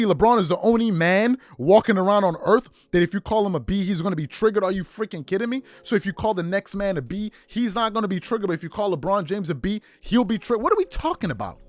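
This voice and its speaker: A man's voice: high voice, dry recording. A man hosting a podcast, delivering a heated opinion rant full of rhetorical questions and emphatic repetition. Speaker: podcast host.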